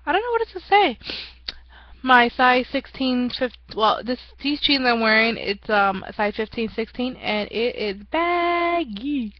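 A woman's voice: a little high, animated, a little slow, no echo, muffled recording. A young woman giving a rambling, self-mocking casual vlog update, often laughing at herself. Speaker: vlogger.

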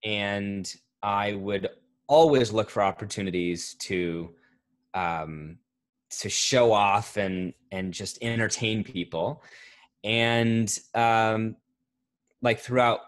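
A man's voice: fairly low pitch, takes it slowly. Chatty man telling rambling stories. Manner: rambling, self-correcting, animated when telling stories. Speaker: voice actor guest. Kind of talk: casual interview chat. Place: home recording setup, remote interview.

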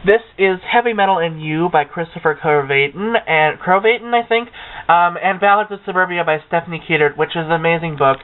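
A man's voice: on the high side, brisk. A young man chatting casually about his books, gushing and poking fun at himself. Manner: chatty and gushing, with self-mocking asides. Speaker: book vlogger. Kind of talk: casual chat. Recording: tinny lo-fi webcam audio.

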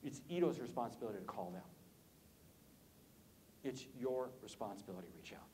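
Lively male sales speaker, swooping pitch. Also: brisk, slight background noise. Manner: animated, swoops pitch up and down, jokes with audience. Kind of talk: energetic conference talk. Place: conference hall.

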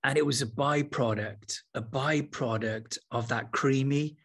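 A man teaching with enthusiasm, then slowing to a soft, unhurried pace to lead a guided meditation. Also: mid-range voice, husky. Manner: enthusiastic, then slow and soft when guiding. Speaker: spiritual teacher.

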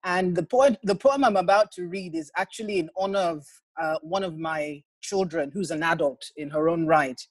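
A man in his forties, a priest and poet, gently and earnestly introducing his poem on a video call. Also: fairly high pitch, moderate pace, no room sound. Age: 40s. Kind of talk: casual introduction before a reading.

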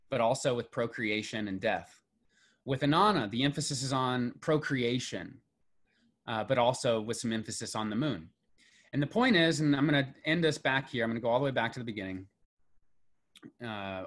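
A man's voice: mid-range voice, moderate pace, fairly bright tone. A middle-aged man giving a classroom lecture on myth and story, building emphasis on key lists. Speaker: mythology lecturer.

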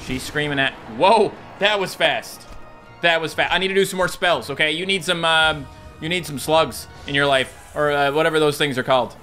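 A man in his thirties giving excitable, jokey let's-play commentary, talking to enemies and viewers. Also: on the high side, moderate pace, faint music behind. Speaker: gaming YouTuber.

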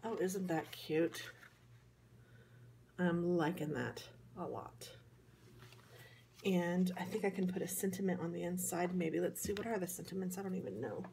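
A woman's voice: fairly low pitch, moderate pace, creaky, long pauses, warm tone, slight background noise. A woman from the American Midwest with a Midwestern accent, chatting casually through a card-making tutorial in a hotel room, rambling and poking fun at herself. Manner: chatty, rambling, self-deprecating. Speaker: craft vlogger.

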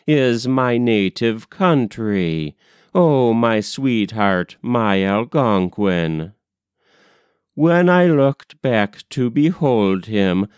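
A young woman's mournful song for her departed lover, from a poem reading, carried by a tender, repeating refrain. A man reads it in his own voice. The pace is very slow and the tone is smooth and dry. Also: mid-range voice, a little mellow, dry recording.

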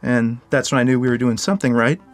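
A man's voice: medium pitch, steady tone, fast. Joking storyteller man, faint music behind. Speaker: game developer. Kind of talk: anecdote in an interview.

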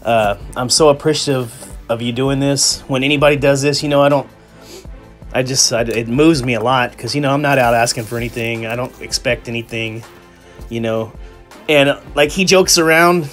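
A man hosting his toy channel, chatting casually in an excitable, rambling way with frequent laughs. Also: medium pitch, normal speed. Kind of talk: casual vlog chat. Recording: background music.

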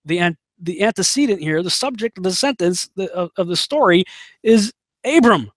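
A man's voice: high voice, expressive, moderate pace, dry recording, studio quality. A man teaching a house-church sermon in a casual, chatty way, mixing storytelling with scripture readings. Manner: conversational, with many fillers and restarts, reads scripture aloud. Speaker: Bible teacher.

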